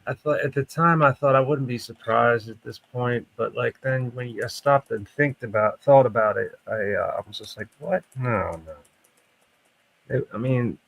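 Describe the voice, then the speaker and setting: Halting, dude-saying man, dry sound. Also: mid-range voice, gravelly, fairly bright tone, no room sound, poor audio. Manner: halting, restarts, says "dude" and "like" a lot. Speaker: podcast co-host. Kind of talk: casual chat.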